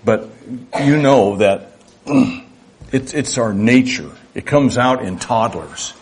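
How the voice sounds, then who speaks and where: A man's voice: mid-range voice, lively intonation, slow, darkish tone, a little hiss or hum. A middle-aged man preaching a sermon in an earnest, conversational way, acting out little dialogues. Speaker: pastor.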